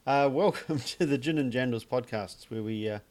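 A man's voice: medium pitch, moderate pace, a little mellow. A man co-hosting a casual podcast about gin, talking in a dry, joking way with plenty of fillers. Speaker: podcast co-host. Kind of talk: casual chat.

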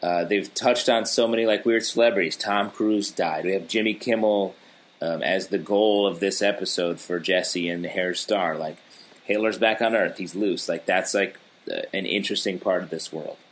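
A man's voice: low voice, fairly even intonation, moderate pace. A man co-hosting a podcast, chatting casually about a TV episode and riffing on silly jokes. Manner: joking, easygoing, drifts into silly riffs. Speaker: podcast co-host. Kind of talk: casual TV recap chat.

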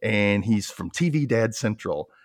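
A man hosting a podcast, casually recapping a sketch show, laughing often and acting out quoted lines in silly high voices. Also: expressive, unhurried. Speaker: podcast host.

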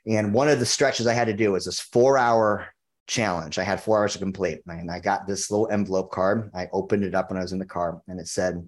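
A man's voice: low-pitched, steady tone, a little fast. A man in a podcast interview who tells his story in a blunt, intense way and swears freely. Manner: intense, blunt and frequently profane. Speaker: podcast guest, men's coach. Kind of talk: casual conversational storytelling.

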